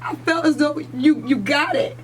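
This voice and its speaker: High-voiced tearful American woman co-host. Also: normal speed, a little hiss or hum, poor audio. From United States. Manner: earnest, tearful, repeats herself. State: crying at times. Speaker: radio morning show co-host. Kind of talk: emotional radio interview.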